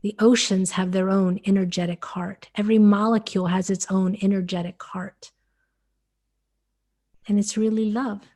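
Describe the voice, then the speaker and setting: An American-born woman giving calm, measured spiritual guidance on a webinar call, speaking as "we". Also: medium pitch. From United States. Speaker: spiritual channeler.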